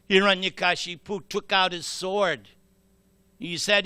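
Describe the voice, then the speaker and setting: A man giving a temple sermon, telling a scripture story dramatically and slowly, with acted voices. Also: high-pitched, sharp tone, smooth, no echo. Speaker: temple speaker.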